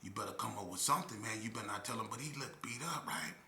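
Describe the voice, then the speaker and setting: A man's voice: on the low side, fast, reverberant. A man telling a story in casual chat and acting out the people he quotes. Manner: animated, acts out quotes loudly. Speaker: storyteller guest.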